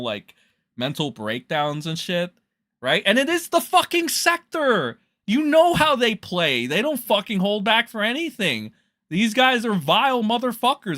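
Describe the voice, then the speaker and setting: A man doing casual livestream commentary, rambling, swearing freely and breaking into laughs. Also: a little high. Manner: profane, excitable, laughs often, rambling.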